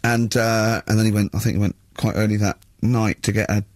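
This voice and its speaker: A man hosting a radio chat show, telling stories in an animated way and laughing often. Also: fairly low pitch, a little fast, no echo. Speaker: radio host. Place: radio studio.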